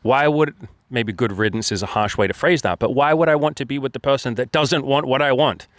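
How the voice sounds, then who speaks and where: A man's voice: mid-range voice, fairly quick, dry recording, studio quality. A man talking as a dating coach in a casual monologue, blunt, profane and candid, acting out quoted conversations. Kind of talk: casual straight-to-camera monologue.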